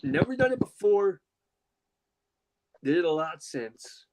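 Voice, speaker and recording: A man's voice: high-pitched, very animated, slow, gravelly, darkish tone, low-quality recording. A young man telling a personal story in casual chat, emotional and rambling, with lots of fillers and restarts. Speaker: podcast host.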